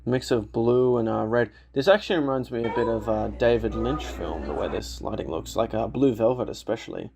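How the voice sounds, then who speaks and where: Gravelly, laid-back movie reaction man. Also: mid-range voice, fairly quick, few pauses, background noise. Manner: laughs often, swears, fills with "like" and "you know". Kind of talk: casual movie reaction commentary.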